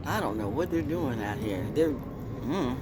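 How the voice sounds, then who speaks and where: Animated woman rambling in a vlog. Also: extremely low pitch, normal speed, very noisy. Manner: animated, swings from hushed to exclaiming. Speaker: spiritual vlogger, oracle reader. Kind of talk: casual rambling monologue.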